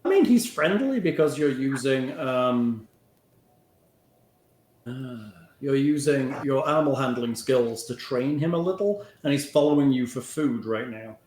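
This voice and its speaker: A man's voice: medium pitch, animated, unhurried, a little mellow. Joking game master man in an echoey room. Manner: chatty, joking asides. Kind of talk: running a tabletop game over voice chat. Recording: roomy echo, faint noise.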